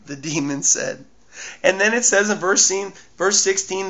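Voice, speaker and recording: Emphatic, bright-voiced male preacher. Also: sits high, measured pace. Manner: emphatic, repeats key phrases. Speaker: pastor. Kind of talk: sermon.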